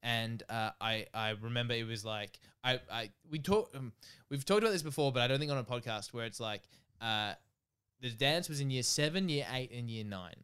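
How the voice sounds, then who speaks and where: Easygoing young man, smooth voice. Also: medium pitch, normal speed, fairly bright tone. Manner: laughing, teasing, easygoing storyteller. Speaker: podcast co-host. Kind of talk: casual podcast chat.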